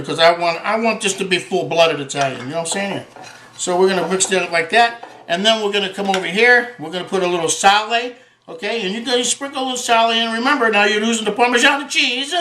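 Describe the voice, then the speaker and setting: A man with a high, bright voice hosts a home cooking show. He chats in a folksy, joking way and sprinkles in Italian words. The room is echoey, with faint guitar music behind him. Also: slight background noise.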